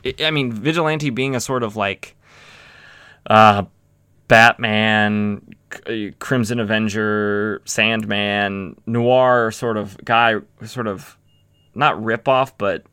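A man with a bright, forceful voice recaps a comic issue in an easy, rambling way, full of fillers and restarts. His pitch sits a bit low, and the sound is dry and close. Now and then he slips into quick acted-out lines. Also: steady tone, smooth, no room sound. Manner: rambling, many fillers and restarts, acts out quotes. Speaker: comic book podcast host.

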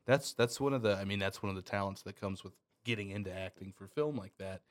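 Lower-voiced man in loose, sweary chat. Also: fast. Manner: loose, swears a lot, laughs easily. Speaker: podcast co-host. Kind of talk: casual chat.

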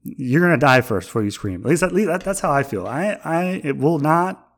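A man's voice: a little high, animated, brisk. A young man, a millennial, ranting in a rambling, sarcastic, mock-indignant way about everyday pet peeves. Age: young adult. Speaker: vlogger. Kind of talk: casual comedic rant.

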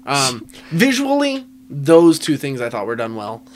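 A man's voice: mid-range voice, huge pitch swings, a little slow, slight background noise. A man co-hosting a casual movie review podcast, swearing freely, laughing often and restarting his sentences. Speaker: podcast co-host.

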